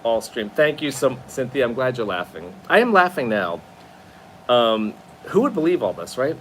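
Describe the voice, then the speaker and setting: Man, live-stream host, worn out, talkative, mid-pitched voice, faint room ambience. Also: moderate pace, slight background noise. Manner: chatty, expressive, answers viewer comments. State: tired. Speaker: livestream host. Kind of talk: casual live-stream chat. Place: his new apartment.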